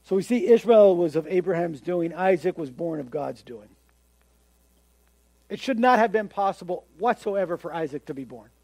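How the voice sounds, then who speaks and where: A man delivers a sermon with a high, lifted voice. He is animated, slipping into the voices of the people he quotes and stumbling over repeated words as he gets carried along. The sound is dry and close, with no room around it. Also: moderate pace, creaky, no room sound. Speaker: pastor.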